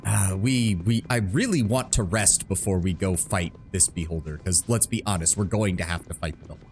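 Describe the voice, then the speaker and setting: A man's voice: low-pitched, a little fast, a little mellow, faint music behind. A man streaming live gameplay, talking casually, muttering his plans and swearing when frustrated.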